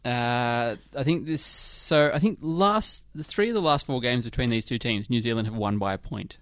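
A man's voice: mid-range voice, expressive, normal speed, no room sound. Joking man hosting a sports chat. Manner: joking, reads results. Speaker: sports segment host. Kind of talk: casual studio chat. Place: podcast studio upstairs.

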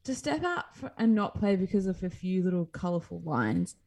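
A woman co-hosting a casual sports chat show, animated and jokey, slipping into put-on voices when she retells a story. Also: lowish voice, moderate pace, vocal fry. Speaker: co-host.

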